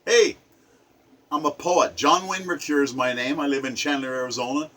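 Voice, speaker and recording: A man speaking as a poet in an impassioned, angry rant to camera, swinging between loud outbursts and low murmurs. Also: steady tone, moderate pace.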